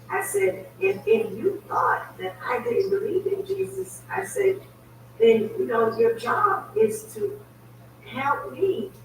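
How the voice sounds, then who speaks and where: Echoey distant woman telling a story. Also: on the high side. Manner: emphatic, animated retelling. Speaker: guest. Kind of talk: personal storytelling. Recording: very echoey, distant, faint ambient noise.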